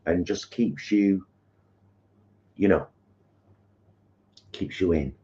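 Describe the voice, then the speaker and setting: A man's voice: deep voice, extremely slow, mellow. A man, co-hosting a live kitchen stream and telling camp, gossipy stories. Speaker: co-host of a live cooking stream. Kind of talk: casual chat. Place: home kitchen. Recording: dull lo-fi sound.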